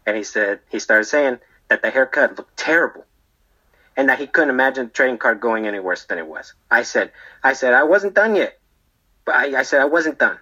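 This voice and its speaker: A rambling, defensive barber behind bars, played by a man, who keeps checking in with "okay?" and "right?" as he tells his story. His voice is bright and sharp. The recording sounds dull and lo-fi. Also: mid-range voice, a little fast, breathy edge. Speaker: storyteller being interviewed. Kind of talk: comedic character monologue.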